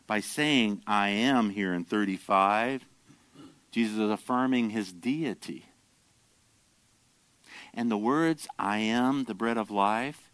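Male pastor, sermon delivery, smooth resonant voice, dry close sound, builds to emphatic peaks. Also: fairly low pitch, no room sound. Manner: animated, emphatic preaching with rising intensity.

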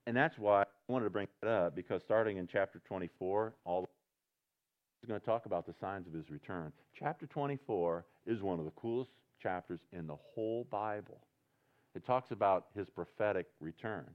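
A pastor preaching a sermon at a church service, talking earnestly and conversationally, then building to loud, passionate emphasis. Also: male voice, fairly low pitch, moderate pace. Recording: dull lo-fi recording.

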